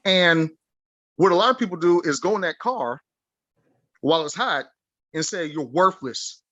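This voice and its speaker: A man talks with fervent conviction on a podcast, preaching his point with sudden leaps in pitch as he acts out imagined voices. His voice sits in a middle register. The sound is close and dry, with no room echo. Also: expressive, normal speed, a bit bright, lo-fi sound. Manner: impassioned and emphatic, preachy, acts out quoted inner voices with big pitch jumps. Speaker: podcast guest, life coach. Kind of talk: casual podcast conversation.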